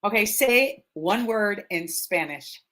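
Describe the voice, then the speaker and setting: A chatty woman hosts a casual live stream over a video call. Her voice is bright and forward, and she laughs easily as she runs through rapid-fire questions. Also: medium pitch, animated. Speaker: realtor and live stream host.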